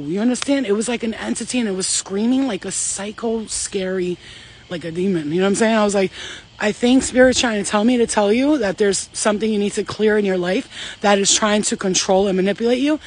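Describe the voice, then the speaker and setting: A woman's voice: mid-range voice, brisk, a little hiss or hum. A woman speaking as a spiritual medium in a casual channeling vlog, rambling, emphatic and swearing freely.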